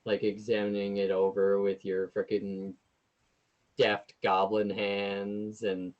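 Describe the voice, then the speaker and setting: A man's voice: lowish voice, monotone, takes it slowly, muffled recording. A man running a tabletop game as game master, talking in a hesitant, loose and profane way.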